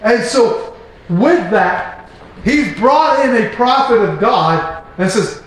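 Reading Bible passages in a relaxed way, this man in his forties stops now and then for offhand remarks as an informal teacher of scripture. He takes his time, and his very high voice is animated. The recording echoes heavily around the room.

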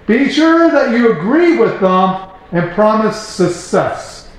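A man's voice: high-pitched, sing-song, slow. A man in his forties reading Bible verses aloud and breaking in with casual asides. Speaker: Bible teacher. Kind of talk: informal Bible reading and commentary. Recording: very echoey room.

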